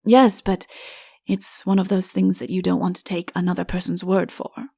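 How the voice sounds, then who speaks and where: A woman voicing a wry, shy young man in a fairy tale audiobook, speaking low, quiet and dry. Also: flat delivery, normal speed, creaky, breathy edge, no echo.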